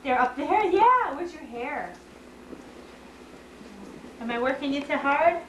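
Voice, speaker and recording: Woman, mother, home video, high voice, slow coaxing sing-song talk, echoey room, camcorder noise. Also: lively intonation. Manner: coaxing, playful, repeats prompts in a sing-song way. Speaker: mother filming her toddler. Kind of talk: home video chat with a toddler. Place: family home, indoors. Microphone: camcorder microphone.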